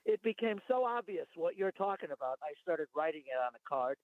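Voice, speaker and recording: A male caller phones in to talk radio and argues his points at length, sometimes reading from notes. His voice is high. It comes through a thin phone line with a dry sound. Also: expressive, a little fast, no room sound. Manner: rambling, argumentative, reads from notes.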